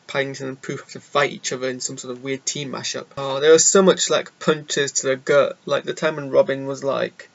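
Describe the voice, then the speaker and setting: A man's voice: medium pitch, little pitch movement, fairly quick, vocal fry, few pauses, muffled recording. A young man casually rambling through his thoughts on a film, chatty and self-deprecating. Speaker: film reviewer. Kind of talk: casual solo film review. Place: indoor room.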